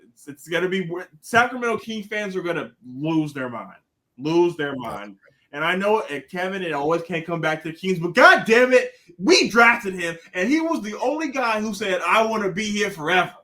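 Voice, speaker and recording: A man with a high, bright voice that jumps all over the place as he rants about basketball. He tells his stories animatedly and swears freely, sounding like a casual podcast panelist. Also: sing-song, normal speed. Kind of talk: casual sports chat.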